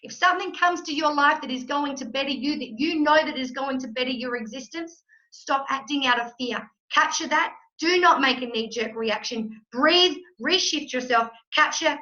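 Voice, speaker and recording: High, bright-voiced woman coaching with punchy emphasis. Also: moderate pace, dull audio. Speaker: mindset coach. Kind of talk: motivational masterclass talk.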